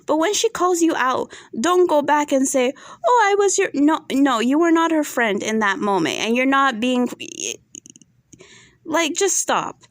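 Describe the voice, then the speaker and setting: A reality TV reviewer gives casual, opinionated commentary on a show, often checking in with viewers and frequently asking "right?" Her high-pitched voice has lively intonation and a slightly slow pace, recorded at studio quality with no room sound.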